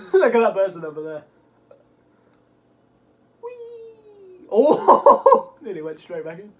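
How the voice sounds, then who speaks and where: A man commentating a golf video game, swearing often and yelping at bad bounces, his voice cracking into high squeaks. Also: animated, quick pace, warm tone. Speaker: gaming channel host. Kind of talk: let's play commentary.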